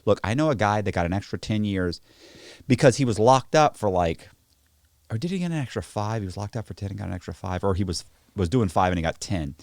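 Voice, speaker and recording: A man telling stories in casual podcast chat, profane and animated, acting out the people in them. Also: lowish voice, fast talker, dry recording, clean studio sound. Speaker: podcast guest. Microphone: podcast studio mic.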